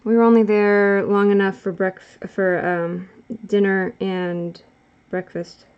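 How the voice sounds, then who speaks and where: A woman's voice: medium pitch, flat delivery, takes it slowly, clear, resonant tone, dull audio. A woman vlogger chatting casually while she draws, rambling and correcting herself as she goes. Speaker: art vlogger. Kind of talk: casual chat while drawing.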